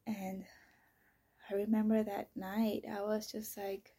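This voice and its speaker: Raw, gravelly-voiced mother telling her story. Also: mid-range voice, flat delivery, slow. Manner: raw, emotional, swings from loud outbursts to near-whisper. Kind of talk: personal storytelling podcast. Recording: voice message.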